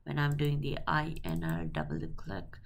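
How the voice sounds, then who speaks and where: A woman teaching accounting through a software walkthrough, halting and thinking aloud with many fillers and self-corrections. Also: rumbling low, big pitch swings, noisy background. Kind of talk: screen-recorded software tutorial.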